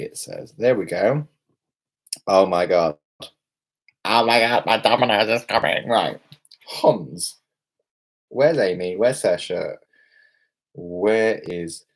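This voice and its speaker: A man's voice: lowish voice, gravelly. A young British man, tipsy from beer, rambling and exclaiming as he chats on a live stream from a hotel room. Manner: rambling, exclamatory, self-mocking. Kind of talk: casual live-stream chat.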